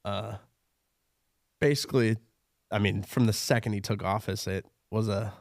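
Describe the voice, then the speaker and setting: A man's voice: on the low side, steady tone, moderate pace, creaky, dry recording, studio quality. A man co-hosting a podcast, chatting casually and easily, often laughing. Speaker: podcast co-host. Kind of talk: casual chat.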